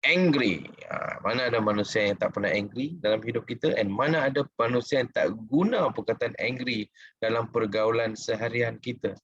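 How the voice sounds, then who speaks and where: Malaysian man drilling vocabulary, husky voice. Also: medium pitch, fairly quick, fairly bright tone, no echo, highs cut off. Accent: Malaysian English. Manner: drills words and asks listeners to repeat; mixes English and Malay mid-sentence. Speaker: English vocabulary coach. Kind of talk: bilingual vocabulary lesson.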